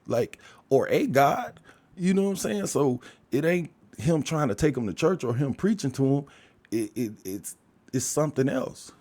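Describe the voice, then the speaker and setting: A man's voice: medium pitch, normal speed. An older man hosting a podcast, talking through a loose and profane monologue with frequent laughs. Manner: profane, rambling, animated, laughs often. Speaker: podcast host. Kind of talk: casual monologue.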